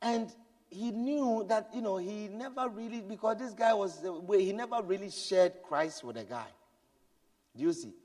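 In what sounds like a large hall with long reverb, a male preacher with a very high voice gives an impassioned sermon at normal speed. He's expressive, shifting between loud, urgent pleading and quiet, hushed storytelling.

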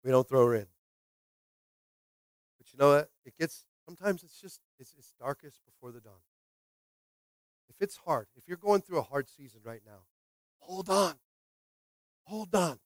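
A man preaching a sermon as pastor, repeating short phrases and calling for responses, swinging from quiet reading to loud exhortation. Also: sits high, normal speed, pauses often, no room sound. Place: church sanctuary.

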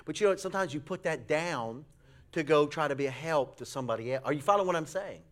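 A man preaching a sermon, telling a folksy story with animated voices for the people in it. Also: fast. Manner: folksy, animated storytelling with acted high-pitched quotes. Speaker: pastor.

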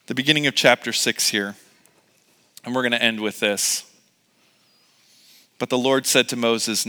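Man, preacher, animated sermon, smooth resonant voice, long hall echo. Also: mid-range voice, moderate pace, long pauses. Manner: animated, acts out scripture characters in casual modern voices. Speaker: pastor.

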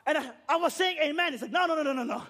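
Very high-voiced shouting male preacher. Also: rapid-fire. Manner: shouting, repetitive rhetorical questions, swings to low quiet passages. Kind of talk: fiery sermon.

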